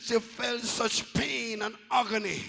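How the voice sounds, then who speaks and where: A man preaching a Pentecostal sermon in a church, shouting in a sing-song cadence and dropping to hushed asides. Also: very high-pitched, little pitch movement, slow pace, gravelly, big-room sound. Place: church sanctuary.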